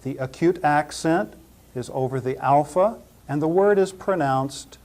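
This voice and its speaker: A man's voice: fairly high pitch, a little slow, darkish tone. A man teaching New Testament Greek pronunciation. He spells out letters and repeats each word several times. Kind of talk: slow spoken pronunciation lesson.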